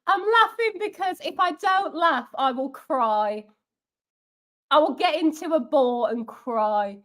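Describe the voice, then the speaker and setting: High-voiced sarcastic woman hosting a match stream. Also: a bit bright. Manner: sarcastic, chatty, reads out viewer comments. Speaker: fan channel watch-along host. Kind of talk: live match watch-along chat.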